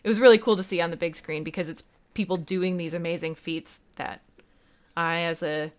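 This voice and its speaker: A young woman co-hosts a podcast in relaxed, chatty conversation. Her voice is smooth and clear, and she tells stories in an animated, self-deprecating way. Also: on the low side, brisk. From United States. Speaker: podcast co-host. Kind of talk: casual chat.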